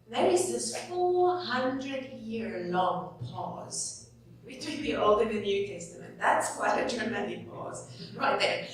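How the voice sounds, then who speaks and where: A woman giving an earnest, expressive sermon as a guest preacher, building to dramatic pauses. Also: medium pitch. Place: church hall. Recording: echoey hall from far off, faint hum.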